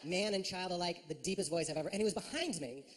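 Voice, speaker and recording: A man doing a stand-up comedy set on a club stage, animated and full of silly voices and sound effects. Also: high voice, quick pace, long reverb tail, a little hiss or hum. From United States.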